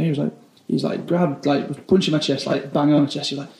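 A young British chef telling stories in a casual interview, rambling and filling every phrase with "like". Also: male voice, on the high side, animated, quick pace, gravelly, a bit bright, reverberant, a little hiss or hum. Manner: rambling, says 'like' constantly.

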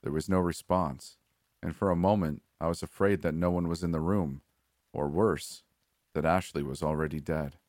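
A man giving a measured, steady scripted narration of a horror story. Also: deep voice, no room sound, studio quality.

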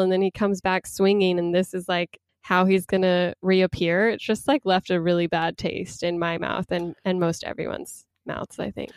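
A woman in casual conversation, chatty and quick to laugh, with lots of fillers. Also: lowish voice, little pitch movement, no room sound. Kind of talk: casual chat about news.

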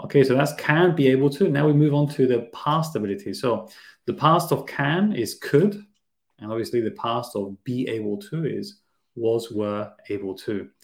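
A man's voice: medium pitch, normal speed. Roomy-sounding man teaching English. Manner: laughs easily, explains with examples. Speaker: podcast host, English teacher. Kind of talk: casual teaching chat. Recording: roomy echo.

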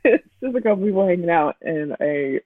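A woman's voice: fairly low pitch, lively intonation, fairly quick. Giggly woman on a tinny phone line. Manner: giggly, gushing, lots of fillers. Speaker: podcast co-host. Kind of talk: casual movie chat.

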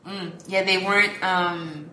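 A woman's voice: lowish voice, fairly even intonation, takes it slowly, bright, forceful tone, roomy sound, distant mic, a little hiss or hum. A woman co-hosting a podcast, recapping a film in casual chat, laughing often and acting out characters' lines. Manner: chatty, laughs often, quotes characters in voices. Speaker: podcast co-host.

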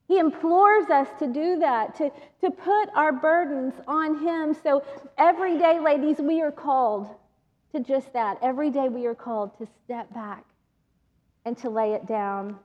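A woman giving a sermon to women, telling a personal story in an animated way and laughing often. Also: high-pitched, measured pace, highs cut off. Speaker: women's ministry speaker. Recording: long reverb of a large hall.

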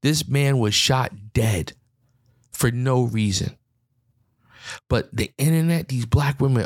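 A man's voice: medium pitch, slow pace, long pauses, no room sound, studio quality. A man talking alone on his podcast in a heated, rambling opinion monologue, repeating himself as he makes his points. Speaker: podcast host.

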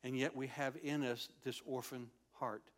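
An older man preaching a sermon in an animated storytelling way, dropping to a soft, tender voice when he quotes God. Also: mid-range voice, moderate pace.

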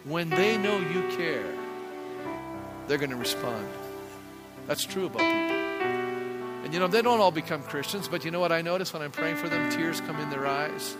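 A man's voice: fairly high pitch, animated, moderate pace, long pauses, loud music behind the voice. A man in his sixties, a pastor giving a conversational sermon and asking the congregation rhetorical questions. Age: 60s.

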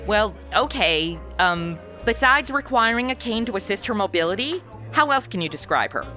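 A woman's voice: medium pitch, very animated, moderate pace, bright, forceful tone, faint music behind. A young woman in her own voice, narrating and playing a sarcastic detective in a comedic audio drama. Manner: sarcastic and wisecracking, slips into mock drawl.

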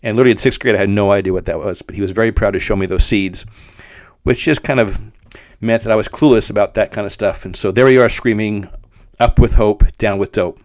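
A middle-aged man with a fairly low voice tells a story on his podcast, wandering and full of fillers. The sound is dry and close. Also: fairly even intonation, fast, no room sound. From Denver, Colorado. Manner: rambling, with frequent fillers and restarts. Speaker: podcast host. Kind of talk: casual storytelling monologue.

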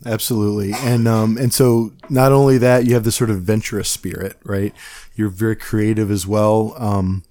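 A man's voice: on the low side, little pitch movement, normal speed, a little mellow. A man hosting a podcast interview, hesitant, with many filler words. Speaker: podcast host. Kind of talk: casual interview talk.

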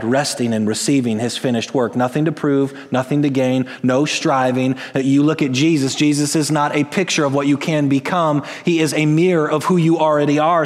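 A man preaching a sermon, swinging between raised, emphatic lines and low, quiet asides. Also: in a large hall. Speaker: pastor.

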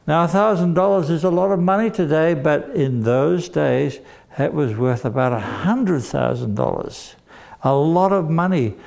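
Male storyteller for kids: slow, gravelly, playful. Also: fairly high pitch. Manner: animated, playful, asks the children questions. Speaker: children's storyteller. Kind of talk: storytelling to children.

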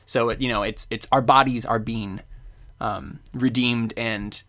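Young male podcast co-host, middle pitch, thoughtful and relaxed explainer. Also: a little slow. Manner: thoughtful, explains scripture calmly, laughs easily. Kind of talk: casual chat.

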